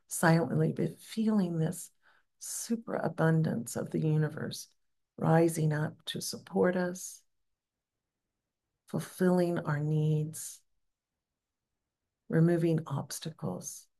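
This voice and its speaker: A woman teaching a gentle devotional practice, explaining sacred words and leading the group in a repeated chant. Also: low voice, vocal fry. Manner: gentle, unhurried, encouraging. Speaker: spiritual teacher.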